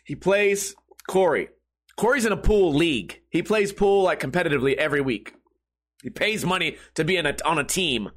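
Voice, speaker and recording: A man's voice: a little high, moderate pace. A man telling a funny story casually, swearing a lot and laughing often. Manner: profane, animated, laughs often.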